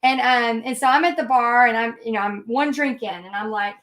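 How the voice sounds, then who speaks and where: Woman, high register, paint party instructor; casual, rambling storyteller with frequent fillers. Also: moderate pace, a bit bright. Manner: chatty, frequent fillers and restarts. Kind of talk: live painting lesson with personal storytelling.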